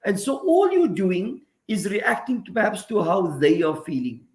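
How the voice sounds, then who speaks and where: This man has a high voice for a man, and he speaks in an earnest, preacherly way. He gives radio commentary and lays out everyday examples one after another. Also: huge pitch swings, moderate pace. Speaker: regular guest commentator. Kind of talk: radio talk segment, reflective commentary.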